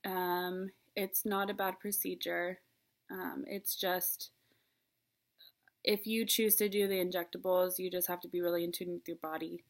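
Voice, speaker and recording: A woman's voice: on the low side, flat delivery, measured pace. A young woman talking to camera in a personal vlog, chatty and earnest with many ums, at times tearful. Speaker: vlogger. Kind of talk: personal vlog, casual confiding talk.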